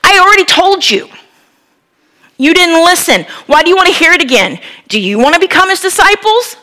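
A woman's voice: sits high, animated, fast, fairly bright tone, voice pushed up. A woman voicing a man born blind and newly healed, retelling his words with exasperated emphasis.

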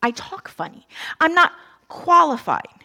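A woman's voice: very high voice, sing-song, unhurried, vocal fry, bright, forceful tone, pitched above the performer's own voice, exaggerated voice. A woman preacher voicing Moses as a reluctant, hesitant older man who doubts himself, in a sermon retelling. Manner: hesitant, self-doubting, pleading. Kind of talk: sermon retelling with acted quotes.

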